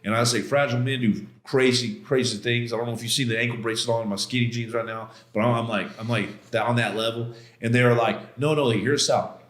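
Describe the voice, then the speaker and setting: A man sits in as a podcast guest and tells a personal story in loose, conversational speech. He stresses key moments and acts out his own past outbursts. His voice sits at an ordinary male pitch, with a roomy echo around it. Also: fairly even intonation, fast talker, fairly bright tone. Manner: emphatic, casual, slangy, re-enacts his own outbursts.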